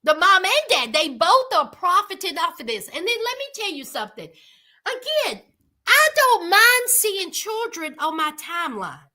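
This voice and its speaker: A woman hosting a livestream, chatting casually with viewers and calling them by name, animated and exclaiming. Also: very high voice, normal speed. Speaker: livestream host. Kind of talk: casual commentary chat with viewers.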